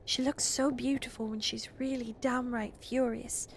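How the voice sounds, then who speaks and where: A woman voicing a dreamy, imaginative little girl in a storybook, high and wondering. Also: flat delivery, moderate pace, creaky, slight background noise.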